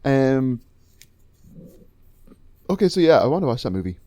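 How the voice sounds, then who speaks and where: A man co-hosting a podcast, answering casually with short relaxed replies. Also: medium pitch, normal speed, dry recording. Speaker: podcast co-host. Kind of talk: casual chat.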